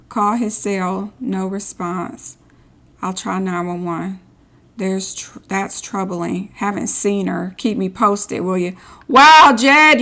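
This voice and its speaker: A woman streaming a story game, reading in-game social posts aloud and adding sarcastic asides. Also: medium pitch. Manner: sarcastic asides between read-outs. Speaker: gameplay streamer.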